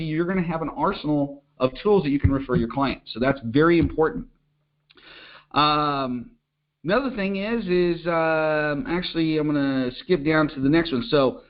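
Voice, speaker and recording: Upbeat coach, "okay?" after every point. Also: male voice, fairly high pitch. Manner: energetic, repeats "okay?" to check in, acts out little phone calls. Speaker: business coach. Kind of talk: coaching talk to an online audience. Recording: dull lo-fi audio.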